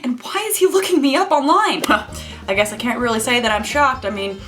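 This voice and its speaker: A woman's voice: fairly high pitch, big pitch swings, brisk, fairly bright tone, faint music behind. A young woman telling a story to camera from her home, chatty and wry, with self-mocking asides. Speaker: YouTuber. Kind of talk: storytelling vlog. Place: home room with camera lights.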